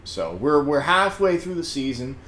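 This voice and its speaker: A man giving a casual, rambling spoken review, excitable and laughing often, with many fillers. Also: on the high side, moderate pace, echoey room, slight background noise. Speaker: comedian reviewing a TV episode.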